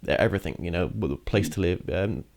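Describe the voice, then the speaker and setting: A host in a casual interview, responding with brief, soft asides and reflections of their own. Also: low voice, a little fast. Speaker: podcast host.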